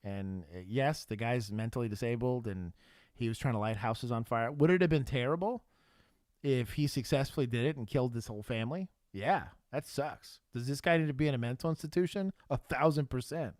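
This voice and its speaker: A former cop in his thirties co-hosts a casual livestream, telling stories bluntly and swearing as he goes. His voice sits at an ordinary pitch for a man. The sound is dry and close, with no room echo. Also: brisk, a little mellow. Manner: blunt storytelling with profanity and frequent laughs. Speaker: livestream co-host, former police officer.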